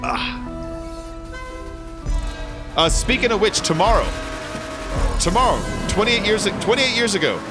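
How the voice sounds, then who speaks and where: A man's voice: high-pitched, big pitch swings, unhurried, pauses often. A man streaming a video game, chatting casually with his guests, joking and swearing now and then. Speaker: streamer hosting a game session. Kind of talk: casual chat over gameplay. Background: game music.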